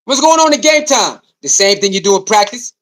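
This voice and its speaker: A man delivers a fired-up sports commentary rant at a fairly quick clip, his voice pitched high. He repeats points for emphasis, throws out rhetorical questions, and addresses his audience directly.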